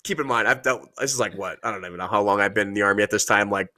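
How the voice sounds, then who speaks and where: A man's voice: fairly low pitch, very fast. A man, a podcast guest, telling casual, profane stories about his military service and acting out the people he quotes. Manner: profane, animated storytelling with acted-out quotes. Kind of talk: casual storytelling.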